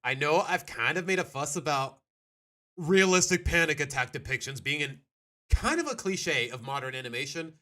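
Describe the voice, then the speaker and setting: A man live-streams his reactions to videos, chatting casually and animatedly while groaning and laughing along. His voice sits fairly high and he speaks at a moderate pace.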